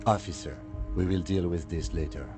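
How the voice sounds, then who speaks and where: Man voicing a calm, clipped police lieutenant; low and quiet. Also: music in the background, lightly acted. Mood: stern. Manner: measured, clipped.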